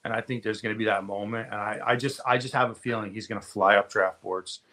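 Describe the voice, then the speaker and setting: A man's voice: lowish voice, fairly even intonation, fast talker, sharp tone. A man co-hosting a casual sports chat, easygoing and teasing. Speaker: podcast co-host.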